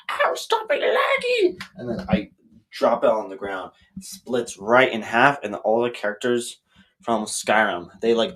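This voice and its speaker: A man's voice: on the low side, low-quality recording. A young man in a comedic vlog sketch who rambles and hesitates, filling his talk with ums. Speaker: vlogger.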